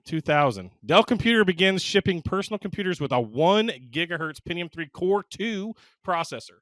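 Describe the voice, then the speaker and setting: A man's voice: sits high, sing-song, moderate pace, fairly bright tone, dry recording. A man in his thirties co-hosting a casual podcast, joking and rambling through his explanations. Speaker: podcast co-host.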